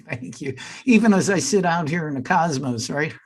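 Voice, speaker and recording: A man's voice: fairly high pitch, expressive, measured pace, breathy edge. A man hosting a podcast interview, friendly and a little hesitant, with fillers and restarts. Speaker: podcast host.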